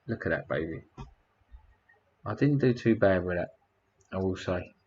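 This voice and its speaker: A man's voice: low voice, lively intonation, measured pace, darkish tone, muffled recording. A man hosting a casual livestream, rambling and a bit crude as he thanks his chat one by one. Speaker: livestream host.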